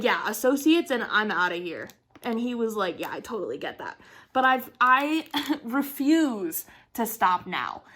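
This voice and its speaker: A crafting vlogger in her twenties chats casually and emphatically, sounding excited. Her voice is on the high side and a bit bright, and she laughs often and swears now and then.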